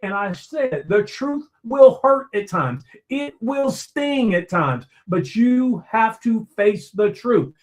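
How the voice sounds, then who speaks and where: A man's voice: high voice, very animated, slow pace, few pauses. A man giving a motivational talk, preacherly, repeating phrases for emphasis and talking straight to his listeners. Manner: addresses listeners directly, conversational asides. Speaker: motivational speaker.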